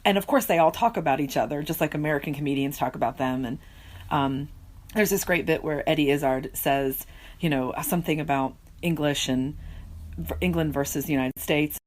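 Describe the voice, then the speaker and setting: Lower-voiced woman telling animated stories. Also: brisk. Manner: animated storytelling, laughs easily. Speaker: linguistics professor guest. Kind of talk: podcast conversation.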